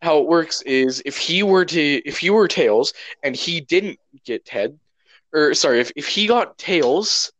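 Teen boy, teasing banter among friends, lively voice, dry sound. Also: on the high side, unhurried, no room sound. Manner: teasing, animated, laughs often. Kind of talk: casual chat among friends.

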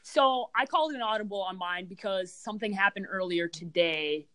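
A woman's voice: medium pitch, moderate pace, bright, forceful tone, poor audio. A woman co-hosting a casual sports podcast, ranting in an emphatic, exasperated way. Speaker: podcast co-host.

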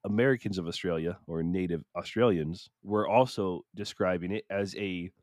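A man's voice: sits low, normal speed, darkish tone, no echo, studio quality. A man co-hosting a casual podcast, reading out accounts and joking along, often laughing and tripping over hard words. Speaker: podcast co-host.

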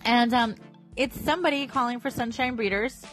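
A woman's voice: on the high side, moderate pace. Woman, thirties, rambling casual vlog chat, faint music behind. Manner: rambling and chatty, with frequent fillers. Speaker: vlogger and small business owner.

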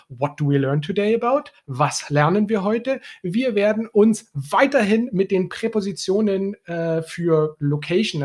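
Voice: medium pitch, darkish tone. German-accented podcast language teacher. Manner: patient, explains step by step with fillers. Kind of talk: bilingual language lesson.

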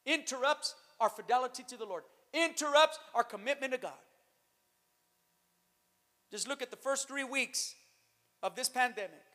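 High-voiced preaching pastor in echoing hall. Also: male voice, moderate pace, pauses often. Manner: preaching, swings to shouted emphasis, calls out to the church. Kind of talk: sermon. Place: church. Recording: long reverb of a hall.

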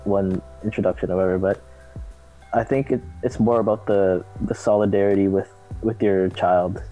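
Low mellow guy chatting, kinda hesitant, lots of "like". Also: fairly even intonation, normal speed, soft background music, low-quality recording. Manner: hesitant, full of "like" and restarts. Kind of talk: casual chat.

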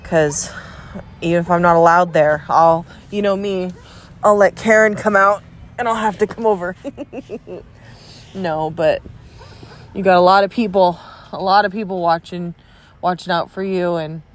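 A woman with a slightly low voice talks slowly into her phone, leaving a rambling, encouraging message for a friend. She sounds tired and stuffy, yawning between thoughts. A dog barks faintly in the background. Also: slight background noise. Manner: rambling and encouraging, trails off and restarts. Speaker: friend sending a video message. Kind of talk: casual recorded message to a friend. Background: dog barking.

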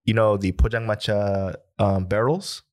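A man's voice: on the low side, fairly even intonation, unhurried. A man co-hosting a podcast, chatting casually and teasing his co-host with jokes. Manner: joking, teasing banter with laughs. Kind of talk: casual chat.

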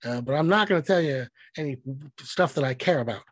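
Podcast co-host, male, quick and breathy, swears a lot, dry close sound. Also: a little high, animated, dry recording. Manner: blunt, profane, rambling storyteller. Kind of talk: casual chat.

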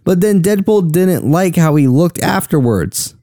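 A man's voice: fairly high pitch, expressive, warm tone, no room sound, clean studio sound. A young man from the southern US chatting casually and joking while watching a film. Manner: joking, quick reactions. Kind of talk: casual movie watch-along chat.

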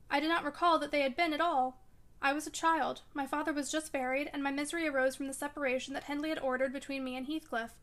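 A woman's voice: high-pitched, a bit bright. A woman reading aloud as a feverish, delirious young woman, dreamy and frightened. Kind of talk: audiobook reading.

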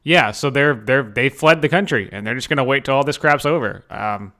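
A man on a casual podcast throwing in wry, sarcastic remarks. His voice is bright and forward, smooth and clean in tone. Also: mid-range voice, a little fast. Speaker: podcast co-host. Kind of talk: casual chat.

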